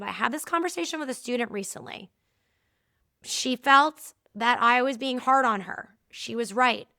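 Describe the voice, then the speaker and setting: Bright, lively woman telling stories. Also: sits high, smooth, dry recording, studio quality. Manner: lively storytelling, acting out quoted dialogue. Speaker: podcast host. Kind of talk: casual solo talk with anecdotes.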